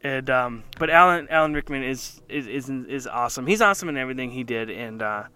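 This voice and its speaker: A man's voice: mid-range voice, brisk, pushed and bright, smooth. A man co-hosting a casual chat show, talking enthusiastically and rambling with many fillers. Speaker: podcast co-host.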